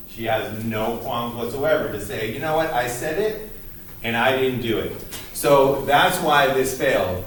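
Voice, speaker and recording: A man's voice: medium pitch, a bit bright. A man talks through a college psychology lecture in a loose, chatty way, full of fillers. The sound is very roomy and echoing, with the voice set back from the mic and a faint hiss behind it. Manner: casual, many fillers, recounts scenes with quoted lines. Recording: roomy echo, voice from a distance, faint noise.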